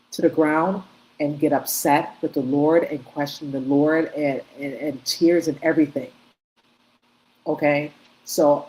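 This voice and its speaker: Woman host, low voice, emphatic and repetitive opinion commentary, faint room hum. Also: darkish tone, poor audio. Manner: emphatic, repetitive, talks in short bursts with restarts. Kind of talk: opinionated commentary on video clips.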